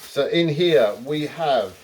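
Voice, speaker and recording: A man's voice: on the high side, expressive, takes it slowly, distant mic. A man hosting his own cooking channel, talking to camera in a chatty, rambling way with jokey asides. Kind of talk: casual cooking vlog.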